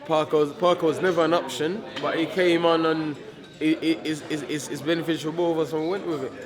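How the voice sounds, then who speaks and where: Boxer guy talking tough, keeps repeating himself, slightly high voice, crowd noise all around. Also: fairly even intonation, fast talker. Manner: defiant, repetitive, stumbles over words. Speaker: professional heavyweight boxer. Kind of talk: casual press interview.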